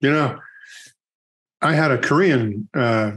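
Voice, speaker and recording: A man's voice: medium pitch, slow, fairly bright tone, husky. Middle-aged man telling a rambling story. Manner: rambling anecdotal storyteller with many fillers. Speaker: podcast co-host. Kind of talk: casual chat and storytelling.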